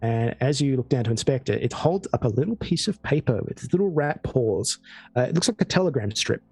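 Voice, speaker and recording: A man's voice: mid-range voice, brisk, breathy edge, no echo, faint music behind. Australian man running a tabletop game. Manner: relaxed storytelling with frequent fillers. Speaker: game master.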